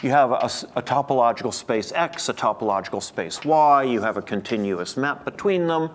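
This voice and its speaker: A man's voice: mid-range voice, animated, normal speed, slight background noise. A man giving an academic lecture to a room of listeners, thinking aloud with frequent restarts and repeated words.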